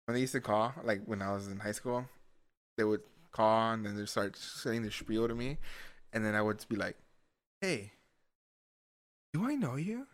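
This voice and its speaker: A man's voice: fairly low pitch, level tone, moderate pace, clear, resonant tone. A young man co-hosting a casual podcast chat, laid-back and telling stories with plenty of swearing.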